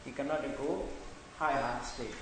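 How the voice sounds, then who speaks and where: Slow-talking man teaching in an echoey hall. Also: medium pitch. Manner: slow, repetitive explaining, non-native English phrasing. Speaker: meditation teacher. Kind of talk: Buddhist dharma lecture. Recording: echoey hall with long reverb, faint noise.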